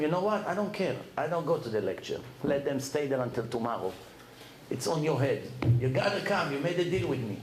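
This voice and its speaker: A rabbi telling personal stories in a lecture, acting out the dialogue. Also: male voice, reverberant, slight background noise, rough recording. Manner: animated, acts out dialogue with rising pitch. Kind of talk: storytelling lecture.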